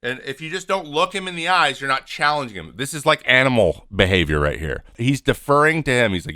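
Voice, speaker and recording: A man in his thirties giving animated, opinionated casual commentary over game footage, acting out what the players say. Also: mid-range voice, fast, few pauses. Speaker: podcast host and former pitcher.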